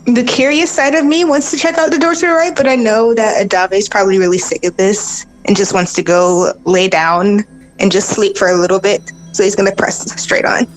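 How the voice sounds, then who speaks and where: A woman's voice: medium pitch, steady tone, moderate pace, poor audio. Casual woman playing a tabletop game. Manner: casual, describes her character's actions. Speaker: player.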